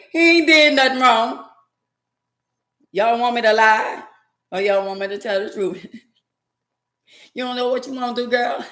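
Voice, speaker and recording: A woman's voice: on the high side, expressive, measured pace, pauses often, a bit bright, roomy sound. Blunt woman talking back to chat. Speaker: live-stream host. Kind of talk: casual live-stream commentary.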